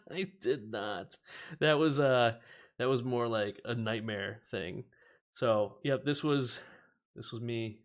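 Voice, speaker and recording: A man's voice: medium pitch, slow. A man hosting a casual stream, chatting, laughing often and reading cards and viewer comments aloud. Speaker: host of a card-opening stream. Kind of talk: casual chat while opening card packs.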